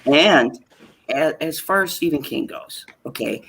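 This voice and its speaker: A man's voice: fairly high pitch, lively intonation, unhurried, vocal fry, a bit bright, slight background noise. A man co-hosting a casual live chat, ranting heatedly with frequent swearing and mocking asides. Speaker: podcast co-host.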